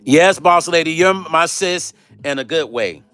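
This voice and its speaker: A middle-aged man hosting a casual live stream, telling gossipy stories in an animated way, swearing and reading out chat comments. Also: on the high side, measured pace, smooth, faint music behind. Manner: animated, swearing, acts out quoted voices, talks to chat.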